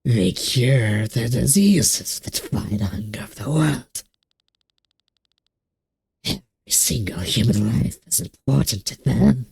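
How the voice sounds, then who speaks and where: A man doing a gravelly scornful ancient ruler. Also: medium pitch, expressive, slow pace, a little mellow, heavily acted. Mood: lecturing. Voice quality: gravelly strained put-on voice. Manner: hissing half-whispered villain delivery. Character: arrogant ancient male ruler, scornful and preachy. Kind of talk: reading game dialogue aloud in character.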